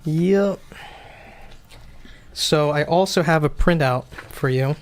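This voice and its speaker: A man's voice: on the high side, slow. A man as game master, patiently explaining rules and checking in with his player. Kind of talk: running a tabletop game.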